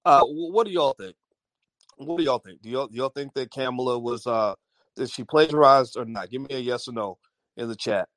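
A man's voice: mid-range voice, fairly quick, fairly bright tone, no echo. A man hosting an audio-only livestream, talking casually to his chat and reading viewers' comments, with many fillers and restarts. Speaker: livestream host.

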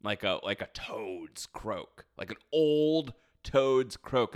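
Man, podcast host, casual recap chat, lowish, bright, smooth. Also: lively intonation, takes it slowly. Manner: chatty, recaps with acted quotes and fillers.

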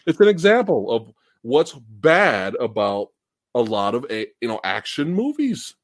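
A man hosting a casual film podcast, ranting profanely and laughing loudly as he talks. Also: mid-range voice, big pitch swings, unhurried, no room sound. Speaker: host.

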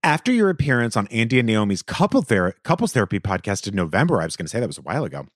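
A man hosting an advice podcast, reading a listener's letter aloud with animated, expressive delivery and the odd aside. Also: on the low side, rapid-fire, dry recording, studio quality.

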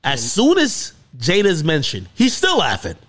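A man hosting a podcast, telling a story in casual chat with lots of swearing and excited peaks. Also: fairly high pitch, unhurried, breathy edge. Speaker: podcast host.

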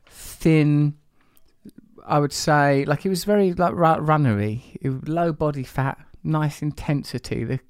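A man's voice: on the high side, measured pace, darkish tone, clear, resonant tone, dry recording, studio quality. A man hosting a podcast, talking in a playful, rambling way full of jokey asides. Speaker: podcast host. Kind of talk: casual chat.

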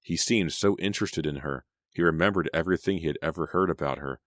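A man narrating an audiobook in a low, hushed storytelling manner. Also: fast, dry recording, clean studio sound. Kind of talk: scripted narration.

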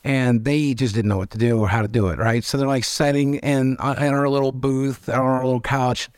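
A man, telling candid stories as an interview guest, animated and swearing freely as he acts out quoted voices. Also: medium pitch, brisk, clean tone, no echo, studio quality. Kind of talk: candid storytelling.

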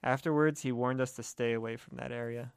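A man tells a first-person horror story at a steady, measured pace in a plain, mid-pitched voice with some creak. The recording is dry and close, with a clean tone and no echo.

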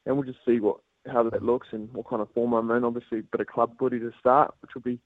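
This is a casual radio interview with a male caller who has a New Zealand accent, heard through a tinny phone connection in a dry recording. He speaks fast in a mid-range voice, laughing and sounding relaxed and easygoing, with plenty of filler words.

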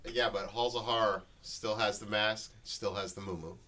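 A man's voice: fairly low pitch, steady tone, moderate pace, sharp tone. A man who acts in a haunted house, telling stories in a casual chat in an earnest, rambling way.

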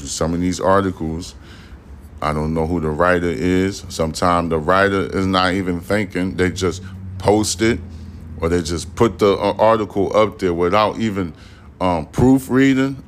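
A man with a deep, low-pitched voice hosts a casual news podcast. He reads headlines aloud, then wanders off into rambling, profane asides, talking straight to his listeners. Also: slight background noise.

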